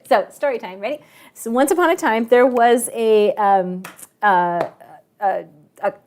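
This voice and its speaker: Chatty woman teaching kids math. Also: fairly high pitch. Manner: chatty, storytelling, asks kids questions. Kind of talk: live online class.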